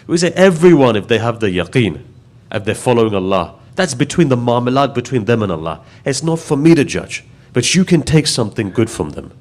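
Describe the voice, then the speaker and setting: A man's voice: medium pitch, sing-song, fairly quick, darkish tone. A man giving a religious sermon, telling stories and rising to impassioned emphasis. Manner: storytelling, building to impassioned emphasis. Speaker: preacher.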